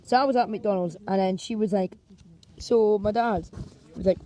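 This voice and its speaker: A woman's voice: mid-range voice, normal speed, dark tone. A young Scottish vlogger telling comic stories and switching into exaggerated character voices. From Scotland. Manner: jumps between narration and exaggerated character voices. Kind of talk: comedic storytelling with acted skits.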